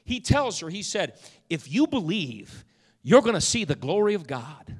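A male preacher delivering a sermon, swinging from hushed storytelling to loud, fervent shouting. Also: high voice, big pitch swings, moderate pace, slightly rough. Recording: long hall reverb.

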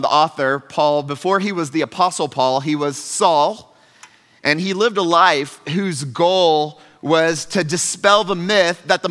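Bright-voiced pastor in a reverberant hall. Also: male voice, a little high. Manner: conversational, earnest, shifts between loud emphasis and soft asides. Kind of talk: sermon.

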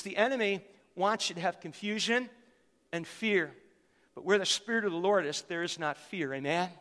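Fervent preacher, man in his fifties, pitched high, repeats lines for emphasis, reverberant hall. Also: sharp tone. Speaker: pastor. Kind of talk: sermon.

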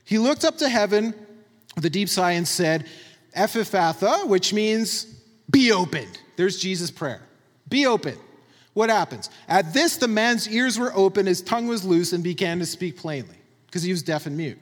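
Male pastor with a high, lively voice, conversational and emphatic, reverberant hall. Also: normal speed. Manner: emphatic, conversational, tags points with "right?". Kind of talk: sermon.

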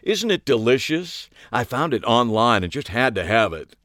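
A man's voice: mid-range voice, big pitch swings, normal speed, fairly bright tone, dry recording, studio quality. A man voicing a girlish, sly woman harpist who gushes and drawls her words. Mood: gushing.

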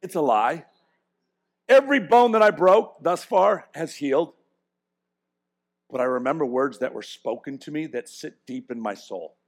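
A middle-aged man preaching a sermon, swinging from quiet, self-mocking asides to loud, emphatic points, with frequent restarts. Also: on the high side, lively intonation, normal speed, long pauses. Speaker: pastor.

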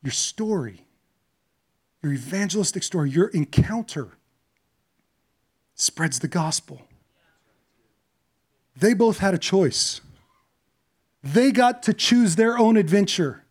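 A man preaching a sermon, retelling a story with shifts from quiet, hushed passages to impassioned, louder ones. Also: high-pitched, lively intonation, slow pace, long pauses, breathy edge.

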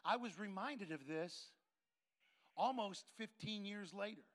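A man preaching, telling a story and acting out the dialogue with lively, shifting voices. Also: sits high, measured pace. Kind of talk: sermon storytelling.

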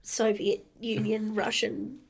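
A woman's voice: mid-range voice, level tone, slow pace, gravelly, a crowd in the background. A woman co-hosting a podcast, casually explaining history, laughing often and swearing freely. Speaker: podcast co-host.

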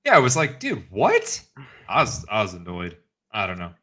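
A man co-hosting a podcast in casual chat, ranting in animated bursts of mock anger. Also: lowish voice, quick pace. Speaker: podcast co-host.

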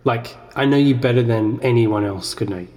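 A man's voice: medium pitch, fairly quick, darkish tone. A man, hosting a podcast and rambling in a self-deprecating comic monologue as he argues with himself. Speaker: podcast host. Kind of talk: comedic sketch monologue.

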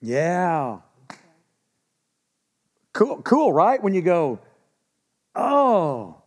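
A man preaching a sermon in a folksy, animated storytelling way with asides and acted quotes. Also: high voice, measured pace. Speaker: pastor. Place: church in Texas.

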